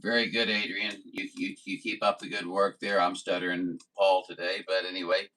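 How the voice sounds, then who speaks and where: A man's voice: deep voice, little pitch movement, moderate pace, pushed and bright, poor audio. A man from Missouri running a CB radio stream, chatting in a folksy, rambling way with radio jargon. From Missouri, USA. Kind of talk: radio contact chat.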